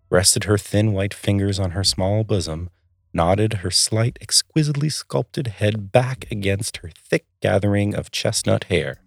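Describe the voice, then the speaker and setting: A man narrating a story aloud in a calm, measured reading voice. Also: on the low side, vocal fry, no echo, studio quality.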